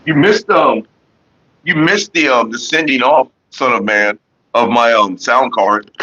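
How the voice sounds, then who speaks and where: A man hosts a casual livestream, rambling through stories and calling out to viewers in the chat. His voice is bright and a little husky. The stream audio sounds dull and lo-fi. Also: mid-range voice, measured pace. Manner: loose storytelling, greets chat viewers. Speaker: livestream host.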